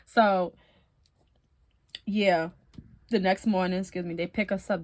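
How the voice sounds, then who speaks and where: A woman telling her own story in a casual, animated way, swearing often and laughing now and then. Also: lowish voice, unhurried, long pauses, no echo.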